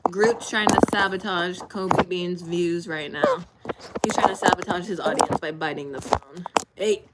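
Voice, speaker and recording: On a phone-recorded live stream from home, a woman doing her makeup chats casually and coos at her dogs in a baby voice. Her voice is lowish and a bit slow, and heavy background noise comes from the dogs barking and whining.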